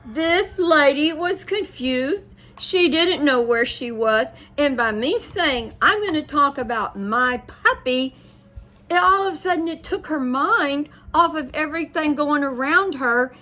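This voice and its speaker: A woman's voice: high voice, animated, unhurried, bright, forceful tone. A middle-aged woman who hosts a casual chat, telling a rambling story full of quoted dialogue. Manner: chatty, rambling, with many restarts and quoted dialogue. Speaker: host.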